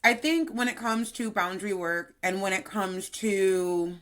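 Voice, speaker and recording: Woman in her thirties, fitness coach co-host, sassy and chatty, mid-pitched voice. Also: measured pace, a bit bright. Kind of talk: casual podcast chat.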